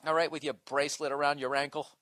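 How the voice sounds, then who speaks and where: A man's voice: fairly high pitch, flat delivery, fast, fairly bright tone, no room sound. A man doing a profane comic rant with mocking asides. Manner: profane ranting, mocking impressions. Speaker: comedian. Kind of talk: podcast rant.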